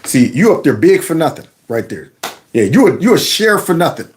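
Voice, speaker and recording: A man hosting a political commentary vlog, talking in an animated, mocking, folksy way. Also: on the high side, fairly quick, a little hiss or hum. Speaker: commentary channel host.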